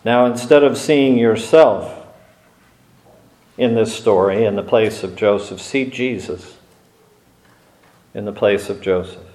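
A man preaching a sermon in an earnest, measured way, with brief pauses and small restarts. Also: on the low side, darkish tone. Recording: echoey room.

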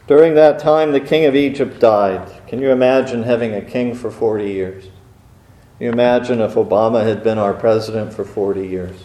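A man's voice: fairly low pitch, fairly even intonation, moderate pace, dark tone. A man preaching a sermon in a conversational way, with rhetorical questions and wry asides. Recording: roomy echo.

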